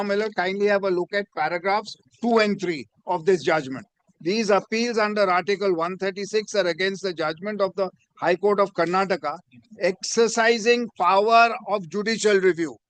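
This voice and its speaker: A man's voice: high voice, moderate pace, dry recording. A man arguing before a judge in a courtroom, deferential and formal, inserting "my lord" into nearly every phrase. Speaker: advocate.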